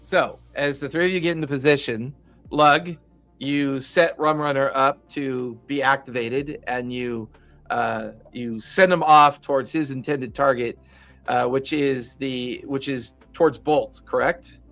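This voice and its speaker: A man's voice: mid-range voice, steady tone, a little slow, a bit bright, soft background music. Laid-back man running a tabletop game. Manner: chuckling, loose, filler-heavy narration. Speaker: game master. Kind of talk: narrating a tabletop game over a call. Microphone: voice call.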